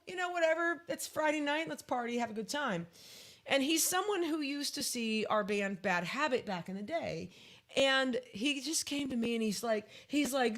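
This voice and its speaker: Woman, 50s, podcast co-host; lively storyteller, slightly high voice. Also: normal speed. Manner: chatty storyteller, acts out quotes. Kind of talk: casual live podcast chat.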